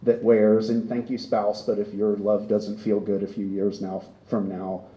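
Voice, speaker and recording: Earnest male pastor, dark echoey hall. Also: fairly low pitch, level tone, normal speed. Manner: earnest, building to impassioned emphasis. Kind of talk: sermon.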